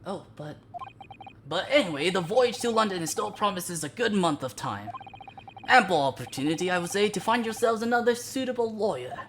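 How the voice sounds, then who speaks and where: A woman doing a theatrical posh British gentleman detective. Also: medium pitch, expressive, moderate pace, slight background noise, pitched above the performer's own voice, lightly acted. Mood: grandiose. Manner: theatrical, grandly playful. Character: flamboyant eccentric British male detective. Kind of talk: live game dialogue reading. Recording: voice over loud game music.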